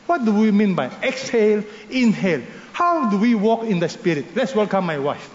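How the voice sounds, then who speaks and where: A man's voice: high voice, very animated, moderate pace, a little hiss or hum. A man preaching a sermon as pastor, calling out to his congregation with emphatic rises and falls. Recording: echoey hall, dull sound.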